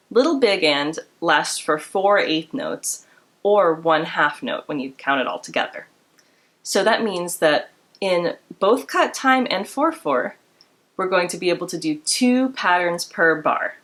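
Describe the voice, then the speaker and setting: A woman's voice: lowish voice, animated, unhurried, fairly bright tone. A woman teaching a beginner string class, explaining bowing and counting students in with encouragement. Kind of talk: instrument lesson. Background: instrument playing.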